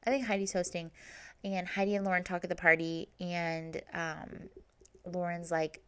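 Woman podcaster with a fairly low voice, loose and chatty, leans on filler words. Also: little pitch movement, moderate pace, a bit bright, smooth. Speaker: podcast host. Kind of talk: casual TV recap chat.

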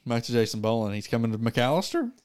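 Smooth-voiced laid-back podcast man. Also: mid-range voice, very animated, quick pace, darkish tone. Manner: laid-back, short agreeing replies. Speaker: podcast co-host. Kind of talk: casual chat.

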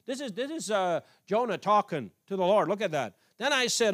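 A man from an Amish background preaching, reading scripture aloud and commenting in a halting, repetitive way. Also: sits high, very animated, fairly bright tone. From Amish community. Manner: halting, repeats words while reading aloud. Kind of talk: informal sermon reading scripture.

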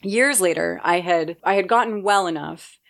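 A woman from Nebraska telling a personal story in a casual way, excitable, swearing freely and laughing as she goes. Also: fairly low pitch, normal speed. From Nebraska, USA.

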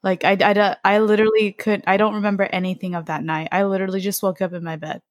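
A woman's voice: mid-range voice, flat delivery, fast, no echo, studio quality. A young adult woman co-hosting a podcast in casual chat, giggly and full of incredulous questions, swearing casually. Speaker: podcast co-host.

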